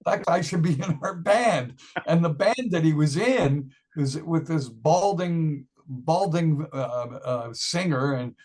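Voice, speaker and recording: A man's voice: on the high side, animated, a little slow, a little mellow. An older man, a musician being interviewed, telling a rambling story and often laughing and acting out what people said. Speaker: musician guest.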